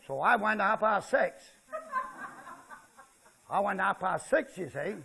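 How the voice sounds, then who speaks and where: A man's voice: high voice, lively intonation, a little fast, vocal fry, a bit bright, breathy edge. An older man with a West Country Devon accent, telling jokey country stories to a live audience and keeping them involved as he goes. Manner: chatty, jokey, keeps checking in with listeners. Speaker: author giving a talk. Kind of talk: humorous storytelling to a live audience. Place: festival talk before a seated audience.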